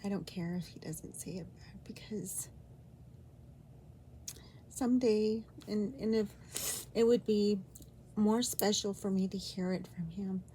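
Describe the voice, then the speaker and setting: A woman vlogging about her own love life, talking in a halting, rambling way with many restarts and an emotional, sometimes near-whispered delivery. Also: medium pitch, dark tone, slight background noise. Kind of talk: personal storytelling vlog.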